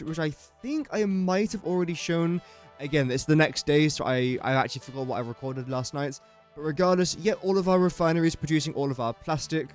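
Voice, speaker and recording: A young man from England with an English accent, giving chatty, self-deprecating gameplay commentary as he builds. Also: fairly high pitch. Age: young adult. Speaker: gaming YouTuber.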